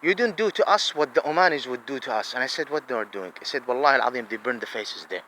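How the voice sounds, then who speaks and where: A man's voice: medium pitch, expressive, quick pace, pushed and bright, slight background noise, rough recording. A man, giving an angry, profane monologue full of repeated, emphatic questions. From Saudi Arabia.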